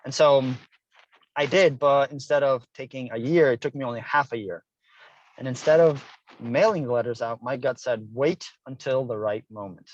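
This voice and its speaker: A man's voice: mid-range voice, normal speed, highs cut off. A middle-aged man, a guest author, telling a personal story with earnest feeling and acted-out dialogue. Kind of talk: interview storytelling. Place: Hilo, Hawaii.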